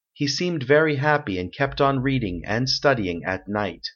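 A man reads a story aloud in steady, measured narration. His voice sits at an ordinary middle pitch. The recording sounds dull and lo-fi.

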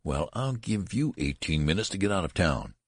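A man's voice: low voice, very animated, moderate pace, breathy edge, no room sound, studio quality, full character voice. A man voicing a stern, exasperated male college registrar who talks in a brusque, scornful way. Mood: angry.

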